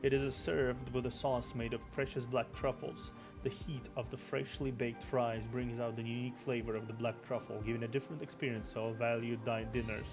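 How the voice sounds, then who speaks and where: A man's voice: medium pitch, level tone, fairly quick, few pauses. A young man streaming, reading a game's story aloud with stumbles and self-corrections. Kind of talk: reading game story aloud, casual chat. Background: background game music.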